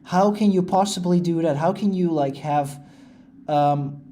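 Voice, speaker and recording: A man's voice: fairly high pitch, measured pace, dark tone, a little hiss or hum. A man giving casual, rambling commentary over a video game playthrough, filling his sentences with "like" and "uh". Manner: rambling, lots of "like" and "uh" fillers. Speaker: let's play host.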